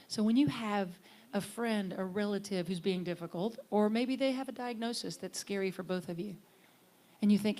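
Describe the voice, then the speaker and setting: A middle-aged woman minister giving a conversational, earnest sermon, sometimes lifting her voice for emphasis and sometimes dropping to a hush. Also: mid-range voice, normal speed. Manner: earnest, conversational, swings from bright emphasis to soft hushed lines.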